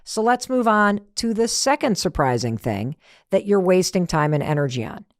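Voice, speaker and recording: A woman's voice: on the low side, normal speed, dry recording. Woman, podcast host, motivational talk, middle-aged, rhetorical questions, dry recording. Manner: animated, rhetorical questions, acts out little scenes.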